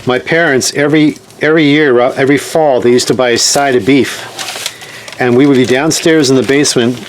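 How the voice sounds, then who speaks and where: A man's voice: mid-range voice, fairly even intonation, moderate pace, slight background noise. A man teaching a hands-on sewing demonstration in a chatty way, often checking in with his viewers. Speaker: sewing instructor.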